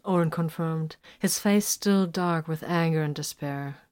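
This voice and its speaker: A woman reading a story aloud with even, steady narration. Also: low-pitched, moderate pace, few pauses.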